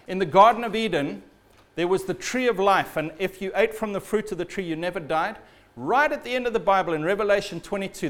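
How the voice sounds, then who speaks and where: Man, high voice, sermon, storytelling preacher, trails off low and soft at phrase ends.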